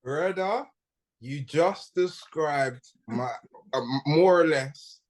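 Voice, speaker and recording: Young man, relaxed chat. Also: a little high, takes it slowly. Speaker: podcast co-host. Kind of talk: casual chat.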